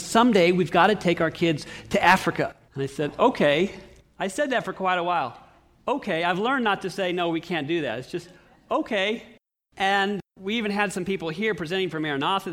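A middle-aged pastor preaching a sermon in a church, telling stories in an earnest way with lively swings in his voice. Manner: earnest storytelling with animated swings in pitch.

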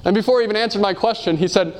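A man's voice: high voice, racing. A man preaching a sermon, earnestly asking his audience rhetorical questions and telling personal stories. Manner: reads quotations aloud and tells personal stories.

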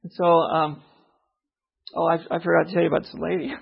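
High, gravelly man telling his testimony. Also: flat delivery, brisk, lo-fi sound. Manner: storytelling, often checking in with "okay?". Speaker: lay preacher giving testimony. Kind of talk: personal testimony sermon.

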